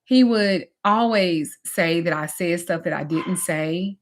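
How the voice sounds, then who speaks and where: Speaking slowly in a voice on the low side, this woman is a spiritual teacher and life coach telling personal stories as part of a teaching talk. She's candid and emphatic, her casual delivery shifting between animated and drained.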